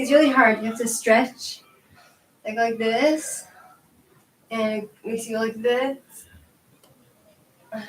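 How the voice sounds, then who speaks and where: A woman's voice: on the high side, slight background noise, poor audio. A woman chatting casually on her video channel, rambling with lots of "like" and laughing while she tries yoga stretches, a little out of breath. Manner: rambling, chatty, laughs often, says "like" a lot. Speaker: tarot channel host. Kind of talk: casual chat while showing yoga moves. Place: at home with her dog.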